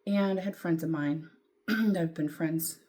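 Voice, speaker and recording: A middle-aged woman, telling a personal story to camera in a candid, rambling way, with fillers and throat clearing. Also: deep voice, measured pace, warm tone. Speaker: vlogger.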